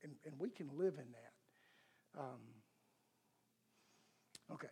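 A man's voice: a little high, animated, slow pace, creaky, darkish tone, slightly rough. An older man, a pastor, teaching a church class in a conversational way, often asking the audience questions.

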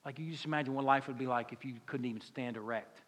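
A man's voice: mid-range voice, quick pace, a bit bright, in a large hall. A man with a Southern US accent preaching a sermon as pastor, in a conversational, folksy way with many rhetorical questions. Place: church sanctuary.

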